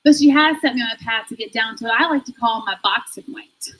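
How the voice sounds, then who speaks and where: Woman doing stand-up, bit high voice, keeps giggling at her own bits. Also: quick pace, fairly bright tone, rough recording. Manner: self-deprecating, chuckles through her own jokes. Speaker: stand-up comedian. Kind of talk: stand-up comedy set.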